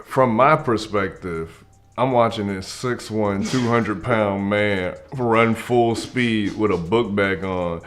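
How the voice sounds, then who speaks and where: A man's voice: a bit bright, faint music behind. Male co-teller, casual story, laughing as he picks up pace. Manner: low and measured at first, then speeds up, laughing. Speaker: friend telling his side. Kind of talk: comedic story.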